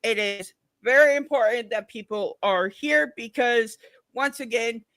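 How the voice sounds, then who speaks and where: A woman's voice: fairly high pitch, unhurried, dry recording. A woman live streamer chatting casually with her audience, blunt and profane as she tells her stories. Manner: blunt and profane, animated storytelling. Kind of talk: casual livestream chat.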